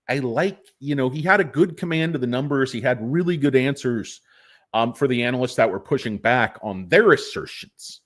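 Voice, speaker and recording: Animated, rambling man talking stocks. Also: medium pitch, normal speed. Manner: rambling, jokey, profane. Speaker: stock market commentator. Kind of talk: casual market commentary.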